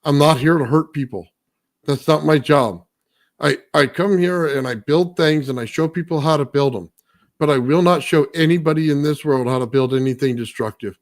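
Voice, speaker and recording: A man's voice: on the high side, normal speed. A man on a casual talk show, ranting bluntly and profanely and ending nearly every point with "okay?". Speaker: guest, builder. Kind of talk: heated rant in casual talk.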